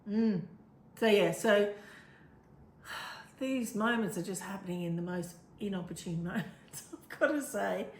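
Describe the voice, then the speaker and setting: A woman's voice: medium pitch, a little slow. A woman in casual chat as a co-host, rambling and laughing easily. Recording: echoey room with faint noise.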